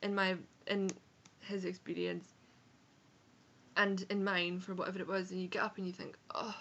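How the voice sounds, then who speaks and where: Young Edinburgh woman, frank and chatty book vlogger, creaky edge, muffled webcam sound. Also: fairly low pitch, flat delivery, normal speed, bright, forceful tone. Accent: Scottish, Edinburgh. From Scotland. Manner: chatty, frank, sprinkled with swearing and self-corrections. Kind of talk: casual book review vlog. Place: home room on a rainy day.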